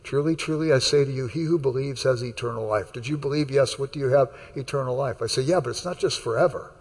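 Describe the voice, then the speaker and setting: A man's voice: mid-range voice, fast talker, breathy edge. Storytelling male preacher, echoey hall. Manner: conversational, anecdotal, acts out dialogue. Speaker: pastor. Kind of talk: sermon with storytelling.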